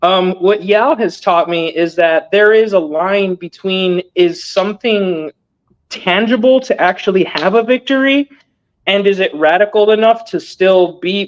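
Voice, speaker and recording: High-voiced young man, earnest storyteller. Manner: loose, filler-heavy, earnest. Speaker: guest. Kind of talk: casual storytelling interview. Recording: dull lo-fi audio.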